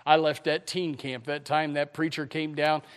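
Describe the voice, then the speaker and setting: A man preaching a sermon with emphatic repetition, swinging from hushed to loud. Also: a little high, little pitch movement, moderate pace, smooth.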